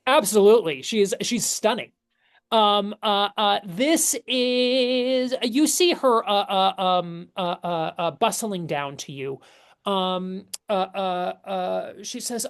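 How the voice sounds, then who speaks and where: A man's voice: high voice, slow pace, fairly bright tone, clear, resonant tone. Hesitant male game master. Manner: hesitant, many fillers and restarts. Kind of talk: narrating a tabletop game.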